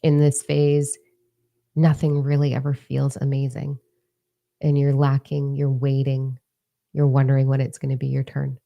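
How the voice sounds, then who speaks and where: A middle-aged woman with a low, gravelly voice gives a candid motivational talk. Her tone is dark and mellow, and she talks bluntly, swears freely and repeats words for emphasis. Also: completely flat delivery, moderate pace. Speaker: motivational speaker.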